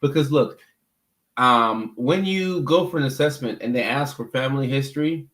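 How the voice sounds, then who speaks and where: A man's voice: medium pitch, normal speed, fairly bright tone, roomy sound. A man hosting a casual livestream as a mental health clinician, answering viewer comments in an easygoing, talkative way and often repeating words as he thinks.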